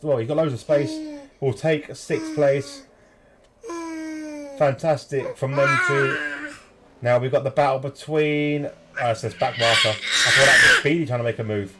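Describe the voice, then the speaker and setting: A British man commentating a sim race, jokey and rising to excited shouts. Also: mid-range voice, measured pace. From United Kingdom. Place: home room with children nearby. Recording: loud background noise.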